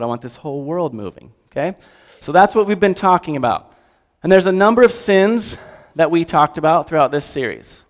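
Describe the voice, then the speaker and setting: A man preaching a sermon in a conversational, animated way and asking the audience questions. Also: fairly high pitch. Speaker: pastor. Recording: long hall reverb.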